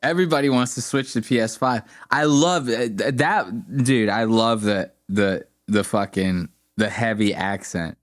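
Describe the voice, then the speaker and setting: A man co-hosting a podcast in casual chat, laughing often and doing quick voiced impressions of people from clips. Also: lowish voice. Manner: laughing, animated, profane storytelling with voiced impressions. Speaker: podcast co-host.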